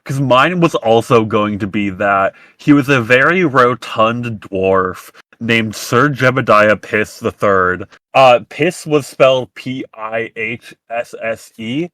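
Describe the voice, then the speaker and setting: A man hosting a casual podcast chat, rambling with halting restarts. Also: medium pitch, a bit bright, dry recording. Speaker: podcast host.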